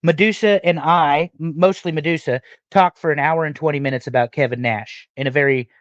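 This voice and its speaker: A man hosting a live stream reads viewer questions in a conversational way, pausing often. His voice sits a little high, dry and close, on a dull, lo-fi mic. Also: fairly even intonation, no echo. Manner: conversational, with frequent "um" pauses.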